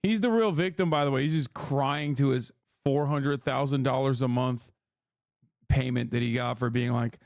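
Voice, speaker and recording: A man's voice: medium pitch, moderate pace, creaky, no room sound, clean studio sound. A male streamer reacting to a clip, mocking and heated, swearing often. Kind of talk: profane, sarcastic streamer commentary.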